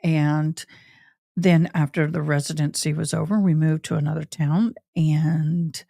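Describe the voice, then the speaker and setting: A woman's voice: low-pitched, steady tone, unhurried, vocal fry, mellow, no room sound, clean studio sound. A middle-aged woman, chatting casually and personally to her livestream viewers. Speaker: livestream host.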